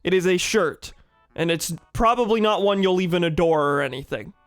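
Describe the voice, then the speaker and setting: A man's voice: high voice, normal speed, a bit bright, clean tone, no echo, faint music behind. A young man with a sore throat, casually joking and swearing while streaming a game. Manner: joking, swears, reads game dialogue aloud. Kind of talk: casual gaming commentary.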